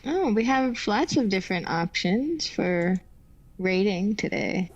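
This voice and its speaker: Slow-talking woman hosting a live stream. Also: mid-range voice, lively intonation, muffled recording. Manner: laughs often, reads chat aloud. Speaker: co-host of a live pinball repair stream. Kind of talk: casual live-stream chat.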